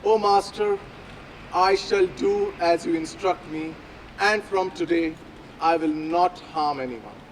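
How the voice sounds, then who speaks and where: A man voicing a male cobra snake in a told story, speaking in loud, hurried threats. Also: fairly high pitch, long reverb tail, slight background noise, low-quality recording. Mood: humble.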